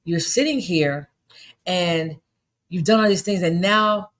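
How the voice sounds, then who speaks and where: A middle-aged woman, ranting in a loose, casual commentary. She talks bluntly and indignantly, lecturing like a no-nonsense parent, and her voice shoots up high in exasperated bursts. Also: slow. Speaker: commentary vlogger.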